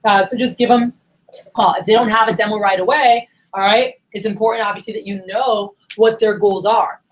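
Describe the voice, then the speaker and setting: Fast-talking woman sales coach. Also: mid-range voice, rough recording. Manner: energetic, coaching, acts out phone calls. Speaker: sales manager coaching new managers. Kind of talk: training workshop talk.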